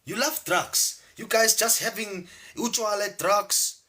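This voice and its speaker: Brief: man putting on an exasperated parent, raised pitch, sharp tone. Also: slow, heavily acted. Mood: scolding. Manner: scolding, exasperated.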